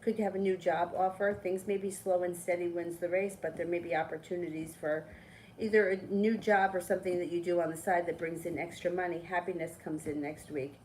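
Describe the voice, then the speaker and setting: A middle-aged woman, a tarot reader chatting casually on a live stream, telling a story with lively, swearing asides. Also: lowish voice, fairly quick, a little hiss or hum, rough recording.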